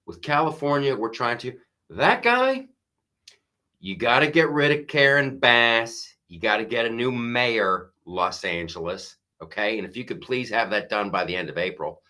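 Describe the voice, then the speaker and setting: A man's voice: mid-range voice, normal speed, hardly any pauses, bright, forceful tone. A middle-aged man hosting a comedy podcast, rambling sarcastically through a casual monologue with frequent restarts.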